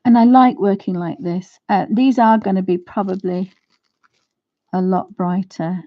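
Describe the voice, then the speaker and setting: A woman's voice: medium pitch, fairly even intonation, unhurried, dull audio. A woman teaching watercolour on a casual live stream, chatting and thinking aloud to her viewers as she paints. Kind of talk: casual live craft demonstration.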